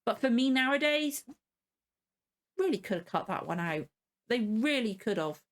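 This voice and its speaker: A woman's voice: on the high side, big pitch swings, normal speed. A woman hosting a casual reaction video, rambling and frank, openly annoyed about the episode she watched. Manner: rambling and frank, many fillers and restarts. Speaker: reaction channel host.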